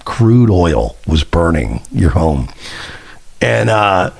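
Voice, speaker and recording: Lively, profane streamer in his late thirties. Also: sits low, creaky, breathy edge. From New York. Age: late 30s. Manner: profane, rambling, quick to rant. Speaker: livestreamer. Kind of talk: casual livestream chat.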